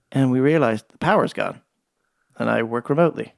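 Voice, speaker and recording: A man telling stories on a podcast, animated and playful, voicing the other people in his tales and swearing freely. His voice sits mid-range for a man. The sound is dry and close, with no room around it. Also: mid-range voice, fairly quick, vocal fry, dry recording. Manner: lively storyteller, acts out quoted dialogue, swears casually. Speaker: podcast guest. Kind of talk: casual conversation. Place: ranch.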